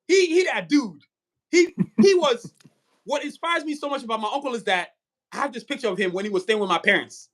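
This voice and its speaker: A man's voice: very high voice, sharp tone. A man hosting a casual podcast interview, talking in hyped, streetwise banter. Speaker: podcast host.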